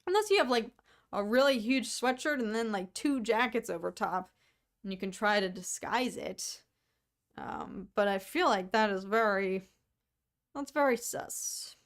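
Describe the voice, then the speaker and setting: A young woman from the United States, co-hosting a podcast, chatting casually to viewers with quick asides and frequent laughter. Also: medium pitch. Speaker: podcast co-host. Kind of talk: casual solo chat to viewers.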